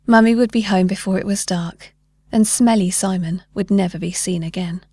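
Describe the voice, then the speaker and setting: A woman's voice: mid-range voice, moderate pace, mellow, no room sound. Woman reading a story, dry and close. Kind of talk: scripted story narration.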